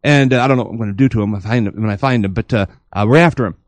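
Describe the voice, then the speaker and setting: A man co-hosting a podcast, telling a long dream story in a rambling, animated way with many restarts. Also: medium pitch, racing, dry recording. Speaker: podcast co-host.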